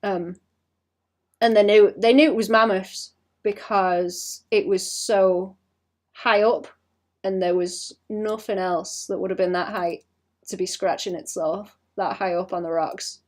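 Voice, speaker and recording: A woman with a British accent who chats casually and rambles while she draws on a live stream, often trailing off into quiet muttering and poking fun at herself. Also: mid-range voice, fairly even intonation, a little slow. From Britain. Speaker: streaming artist.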